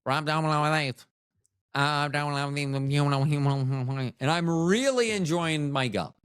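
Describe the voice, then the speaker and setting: A man's voice: fairly high pitch, fairly bright tone, clean tone, no echo, studio quality. A man hosting a casual solo podcast, rambling and joking at his own expense. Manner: rambling, joking, self-mocking. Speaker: podcast host.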